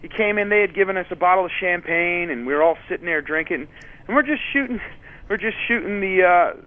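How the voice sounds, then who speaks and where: A touring musician guest telling rambling stories in a casual interview, full of fillers and restarts. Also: male voice, high voice, animated, fairly quick. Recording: tinny phone-line audio.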